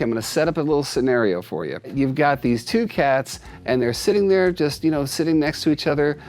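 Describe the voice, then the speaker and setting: A man speaking casually to camera as a cat behavior expert, animated and explanatory, sometimes jumping up high to act out voices. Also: dry recording. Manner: animated, acts out cats' voices in high pitch.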